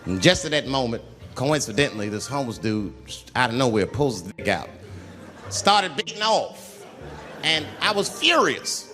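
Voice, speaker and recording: A man's voice: moderate pace, in a large hall, soft background music. A man performing a stand-up routine, telling a story and jumping into voices of the people in it. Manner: animated storytelling, acting out characters with big pitch jumps. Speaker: stand-up comedian.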